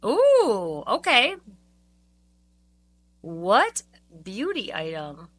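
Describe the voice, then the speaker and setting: A woman's voice: medium pitch, huge pitch swings, drawn-out words, low-quality recording. A middle-aged woman co-hosting a podcast in casual chat, telling stories with emphatic, chatty delivery. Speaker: podcast co-host.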